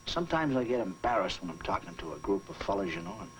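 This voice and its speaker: A man's voice: low voice, big pitch swings, fast, a little hiss or hum, poor audio. A man with a Boston accent hosting a 1950s boxing broadcast, talking in an earnest, plain-spoken way. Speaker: host of a boxing telecast. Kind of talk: 1950s TV chat and fight intro.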